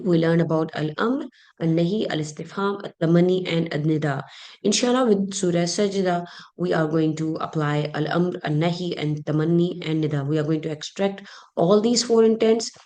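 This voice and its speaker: A woman's voice: deep voice, darkish tone. A woman teaching a review lesson, explaining terms step by step with frequent fillers. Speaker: Arabic rhetoric teacher.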